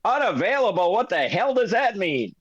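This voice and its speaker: A man's voice: high voice, sing-song, normal speed, pitched above the performer's own voice. A man playing a badgering tabloid reporter. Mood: pushy. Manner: brash, badgering, indignant. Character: pushy nosy male tabloid journalist. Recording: dull lo-fi recording.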